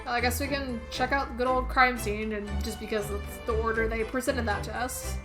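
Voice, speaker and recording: A woman's voice: a little high, fairly even intonation, fairly quick. A woman streaming a video game and musing aloud in a rambling, casual way. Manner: rambling, musing, laughs at herself. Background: game music.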